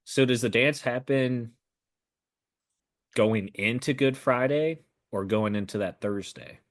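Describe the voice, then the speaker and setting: A man's voice: mid-range voice, slow, no room sound, clean studio sound. A young man co-hosting a podcast, answering quiz questions in a laid-back way with short replies. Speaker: podcast co-host. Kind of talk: casual podcast chat.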